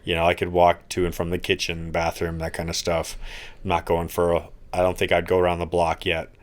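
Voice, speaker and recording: A man with a very low voice speaks slowly and earnestly, reflecting on gratitude in a casual podcast conversation. His delivery is heartfelt and unhurried, with a deep tone. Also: monotone. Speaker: podcast co-host recovering from an accident. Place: friends' house, indoors.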